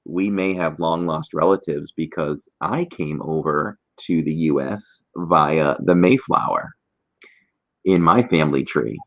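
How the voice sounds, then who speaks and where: A man from Boston with a neutral broadcast American accent, hosting a casual livestream interview in a relaxed, chatty way. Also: very deep voice, a little slow, lo-fi sound. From Boston, Massachusetts. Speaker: livestream host.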